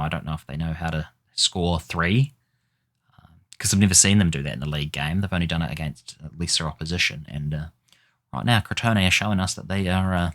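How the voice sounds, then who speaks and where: A man's voice: low-pitched, a bit bright. A man giving casual gameplay commentary, exasperated and swearing as he mutters at the game. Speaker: gaming YouTuber.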